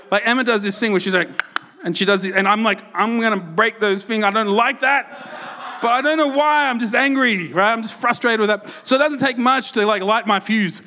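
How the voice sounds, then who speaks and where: A young Australian pastor telling a story from the pulpit, animated and joking at his own expense. His voice sits high for a man and comes out bright and forward. He keeps tossing quick checks to the congregation as he talks. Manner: animated, self-mocking, conversational, frequent "right?" and "like". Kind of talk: sermon with personal storytelling.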